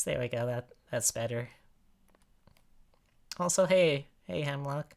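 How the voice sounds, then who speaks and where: A woman's voice: very deep voice, slow pace, gravelly, pauses often, darkish tone. A woman streaming as she draws, sleepy and yawning, chatting loosely and breaking into clumsy joking freestyle raps. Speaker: streamer drawing live.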